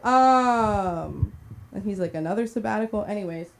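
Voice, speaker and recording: A woman's voice: medium pitch, normal speed, gravelly, a little hiss or hum. A woman doing a chatty, rambling stand-up set at a comedy club open mic, giggling through her bits. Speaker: stand-up comic.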